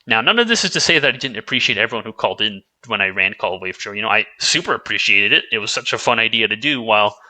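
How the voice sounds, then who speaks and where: Bright-voiced man rambling in a casual vlog. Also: on the low side, expressive, fast, hardly any pauses, low-quality recording. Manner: rambling, self-correcting, casual swearing. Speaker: YouTuber.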